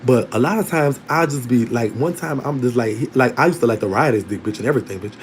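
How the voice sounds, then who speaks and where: A man's voice: mid-range voice, fast talker, slight background noise, rough recording. Candid man telling a story. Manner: animated and candid, breaking into laughter. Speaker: storytelling vlogger. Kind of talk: casual storytelling to an online audience.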